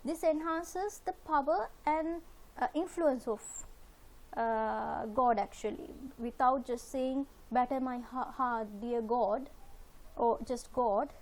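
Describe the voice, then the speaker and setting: A woman with a fairly high voice teaches a literature lesson over slides, taking it slowly in a steady tone. She explains patiently and methodically, step by step, circling back to repeat points with many "uh" fillers.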